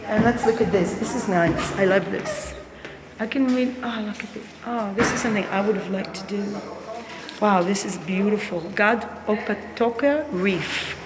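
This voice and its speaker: A woman's voice: mid-range voice, normal speed, noisy background. A woman walking through an art gallery, speaking her opinions bluntly and sarcastically, with plenty of swearing. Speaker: gallery visitor. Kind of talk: candid spoken gallery walkthrough. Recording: roomy gallery with long reverb.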